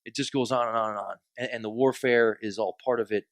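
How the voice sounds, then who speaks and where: A man's voice: medium pitch, fairly even intonation, quick pace, no room sound. A man preaching a sermon in a conversational, joking way, acting out quoted complaints. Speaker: pastor.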